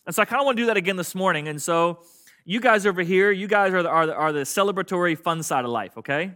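A male pastor with a bright, slightly high voice preaches in a loose, conversational way, cracking jokes. He leads his congregation through call-and-response lines, and his delivery sounds relaxed and friendly. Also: fast. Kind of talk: sermon. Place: church sanctuary with congregation.

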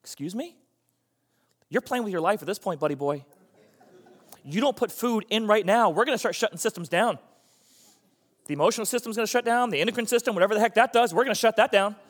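A man's voice: high voice, expressive, brisk, pauses often, husky, in a large hall. A man voicing a bossy, threatening hungry stomach. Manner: taunting, menacing, calls listener buddy boy.

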